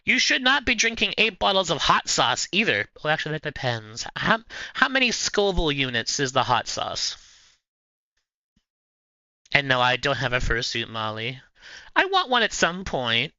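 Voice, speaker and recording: Bright, lively man chatting on stream. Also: a little high, a little slow, no room sound, dull audio. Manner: chatty, playful, rambling. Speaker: livestream host. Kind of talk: casual chat answering viewers.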